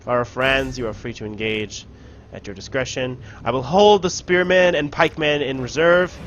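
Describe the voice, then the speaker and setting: Excitable man narrating a strategy game. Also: medium pitch, moderate pace, lo-fi sound, a little hiss or hum. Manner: casual, excitable, yells orders and taunts enemies. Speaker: gameplay commentator. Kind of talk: let's play commentary.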